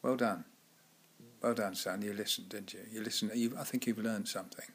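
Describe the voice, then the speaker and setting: A man's voice: lowish voice, fairly even intonation, husky. Guy doing cranky old actor voice, bossy, instructing a kid. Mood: approving. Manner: brisk, impatient instructing. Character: tetchy elderly male actor coaching a boy.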